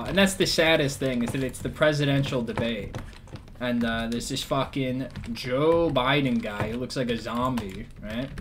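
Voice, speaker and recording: A man's voice: medium pitch, fairly bright tone, a little hiss or hum. Profane, rambling man ranting sarcastically. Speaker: vlogger. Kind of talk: casual rant.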